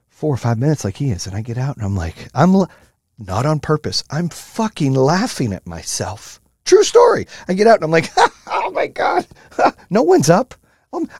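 A middle-aged man hosting a podcast, telling a story in a profane, animated monologue full of motivational talk. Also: medium pitch, dry recording, studio quality. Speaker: podcast host.

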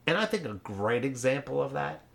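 A man's voice: medium pitch, lively intonation, brisk, gravelly, a bit bright. A man co-hosting a satirical podcast chat, playing it mock-earnest, agreeing emphatically and swearing freely. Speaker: podcast co-host.

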